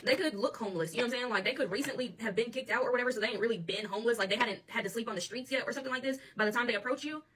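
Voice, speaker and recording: Tarot reader, woman, AAVE, quick and sharp-toned, mic set back a bit. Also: a little high, husky, distant mic. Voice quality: blunt and profane, laughs often. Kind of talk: channeled tarot reading monologue.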